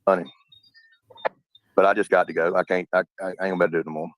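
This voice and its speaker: A man calling in by phone to a livestream, rambling and halting with many restarts. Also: deep voice, flat delivery, dry recording, poor audio. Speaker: caller on a livestream. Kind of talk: casual phone-in chat.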